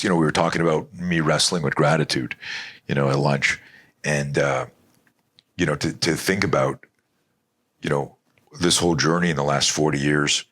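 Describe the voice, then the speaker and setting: Deep-voiced middle-aged man, rambling animated storyteller, lots of restarts and swearing. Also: husky. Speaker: self-defense expert guest. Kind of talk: storytelling interview talk.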